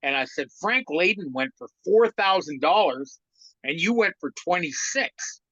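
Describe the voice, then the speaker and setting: A man's voice: sits high, a little slow, dry recording. An older man with a slightly raised voice tells a backstage story, slipping into the voices of the people he quotes. The sound is dry and a little muffled. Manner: lively yarn-spinner who acts out other people's quoted lines. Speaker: guest, former hockey trainer and stand-up comedian. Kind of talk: anecdotal storytelling in a podcast interview.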